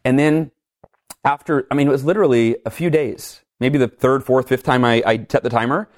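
A middle-aged man talking in an interview, energetic and animated, acting out his own reactions as he tells stories. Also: mid-range voice, a little fast. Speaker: guest speaker. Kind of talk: conversational interview, storytelling.

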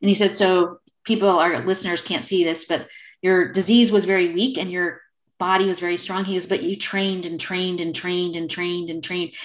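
A woman's voice: fairly low pitch, steady tone, moderate pace. A woman in her fifties, an acupuncturist guest on a video call, telling a story and acting out the quoted exchanges. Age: 50s. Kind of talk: casual storytelling interview.

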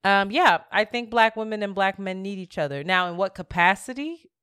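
A woman's voice: mid-range voice, normal speed, a bit bright, clear, resonant tone, no room sound, studio quality. A woman co-hosting a podcast in casual chat, laughing often as she reads out episode summaries. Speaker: podcast co-host.

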